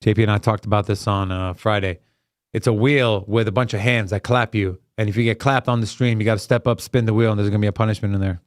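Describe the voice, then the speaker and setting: A man's voice: fairly low pitch, fairly even intonation, quick pace, no echo, clean studio sound. A man hosting a live trading stream, chatting with viewers by name and calling out chart patterns in a hyped, casual way.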